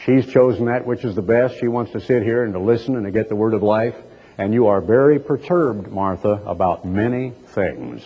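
A preacher lowering his voice to play a patient male teacher who gently chides a woman. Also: animated, moderate pace, husky. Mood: gently chiding. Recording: dull lo-fi, long hall echo.

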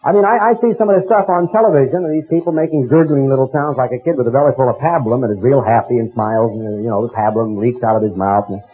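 An older American man preaching a sermon in a folksy storytelling manner, with a husky voice. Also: medium pitch, quick pace, few pauses. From United States. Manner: folksy storytelling, mocking impressions. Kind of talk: sermon with anecdotes. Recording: tinny phone-like recording.

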